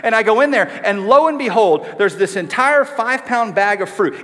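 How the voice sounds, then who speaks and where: A male pastor delivers a sermon in a relaxed, conversational way, poking fun at himself and tossing questions out to the congregation. His voice sits a little high for a man. The sound carries a long reverb, as if from a large sanctuary. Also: normal speed, few pauses. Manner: conversational, self-deprecating, asks the congregation questions. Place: church sanctuary.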